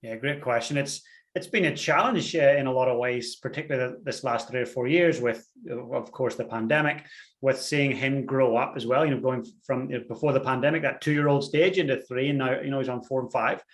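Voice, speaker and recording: A man's voice: medium pitch, a little fast. A man from Ireland, a podcast guest talking earnestly and thoughtfully. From Northern Ireland. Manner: reflective, earnest, hesitant fillers. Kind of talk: conversational interview.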